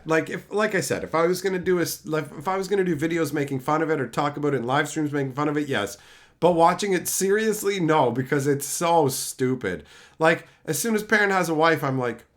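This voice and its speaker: A male streamer talks casually to his chat, cursing freely as he rants. His voice sits a little higher than most men's. His pitch swings widely from line to line. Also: fairly bright tone. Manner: profane, ranting, reacting to chat. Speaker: livestream host. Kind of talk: unfiltered livestream chat.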